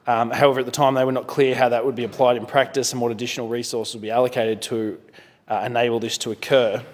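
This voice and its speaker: Australian man speaking in a reverberant chamber. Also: medium pitch. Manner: measured, many fillers and self-corrections. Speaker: member of parliament. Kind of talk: parliamentary speech. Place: parliament chamber.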